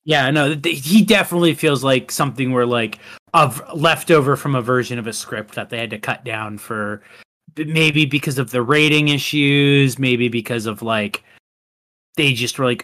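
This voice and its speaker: A man in casual podcast chat, talking through a film at a loose, rambling pace. His voice sits at an ordinary middle pitch for a man. He strings thoughts together with plenty of fillers. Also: normal speed, fairly bright tone. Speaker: podcast co-host.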